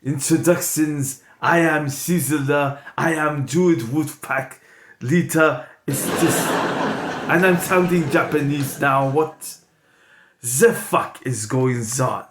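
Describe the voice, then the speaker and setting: A man voicing a tired, gloomy wolf pack leader who talks slowly and deep. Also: animated. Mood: weary. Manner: slow, gloomy, self-pitying. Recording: echoey room with background noise.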